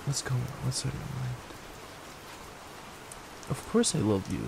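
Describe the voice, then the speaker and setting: A young man in a whispered role-play as a boyfriend, gentle, affectionate and reassuring, speaking into a desk microphone at home. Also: medium pitch, very animated, measured pace, creaky, very noisy. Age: young adult. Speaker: ASMR creator. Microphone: desk microphone at a gaming setup.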